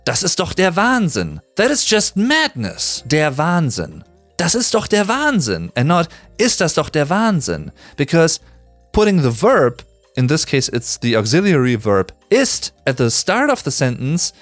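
A man from Germany with a German accent, teaching German in an animated, explanatory way and slowing down to stress sounds. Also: mid-range voice, dry recording. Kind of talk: explaining language.

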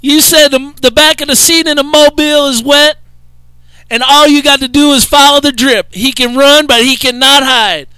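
A man's voice: very high voice, fairly even intonation, normal speed, sharp tone, dry recording, rough recording. A man relaying CB radio banter, drawling, repeating and laughing at what others say. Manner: drawling Southern trucker talk, laughing, repeating others' words.

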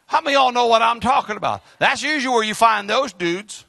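A male pastor preaching an impassioned sermon, breaking into shouts. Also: very high voice, expressive, fast talker, dry recording. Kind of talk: fiery sermon.

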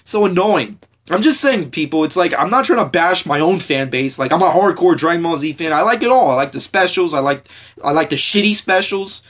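A man's voice: on the high side, expressive, a little fast, fairly bright tone. Cursing, ranting young man on a podcast. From United States. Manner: profane, repetitive, frequent fillers and restarts. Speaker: podcast host. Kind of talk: casual ranting monologue.

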